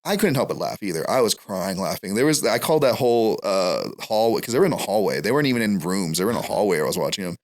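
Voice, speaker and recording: Male podcast guest, low-voiced, rambles through stories and laughs as he goes. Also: big pitch swings, fast, hardly any pauses. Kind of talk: casual storytelling chat.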